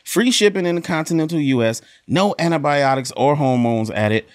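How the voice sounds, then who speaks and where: A man's voice: on the high side, lively intonation, moderate pace, no echo, clean studio sound. A man reading a podcast sponsor spot in an upbeat, chatty way. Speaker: podcast co-host. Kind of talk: ad read.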